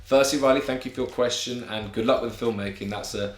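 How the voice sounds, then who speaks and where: A man's voice: mid-range voice, steady tone, a little fast. A young man with an English accent, answering viewer questions in an advice vlog in an earnest, encouraging way with friendly slang. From England. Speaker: YouTuber. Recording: echoey room with music bed.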